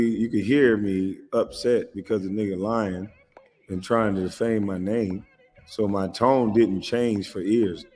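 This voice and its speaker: A man's voice: lowish voice, darkish tone, in a large hall. An American man giving casual reaction commentary, aggrieved and repetitive, swearing freely.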